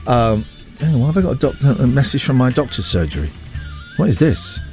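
A man's voice: medium pitch, a little fast, faint music behind. A man hosting a radio show, telling rambling jokey stories in casual chat. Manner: rambling, jokey, animated storytelling.

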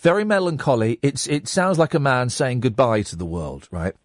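A man hosting a radio show, telling a story in a jokey, animated way from a studio microphone. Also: medium pitch, normal speed, no room sound. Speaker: radio host. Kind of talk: casual radio chat.

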